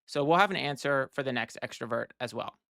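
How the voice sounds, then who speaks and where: A man talks through a card game in a relaxed, think-aloud way, restarting sentences and working out each move as he goes. His voice sits at an ordinary middle pitch and is recorded close and dry, with no room sound. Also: brisk, vocal fry, no echo. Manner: explanatory, plans moves step by step. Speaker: card game strategy teacher. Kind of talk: casual gameplay walkthrough.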